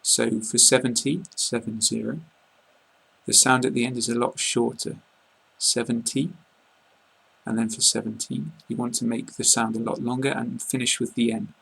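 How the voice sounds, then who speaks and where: A man with a southern English received-pronunciation accent explains pronunciation to learners. His voice is strongly gravelly and somewhat husky. He speaks in an even, flat tone, calmly and plainly, filling his pauses with ums and uhs. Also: medium pitch. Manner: calm, plain explaining with frequent fillers. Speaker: English teacher. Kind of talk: online lesson.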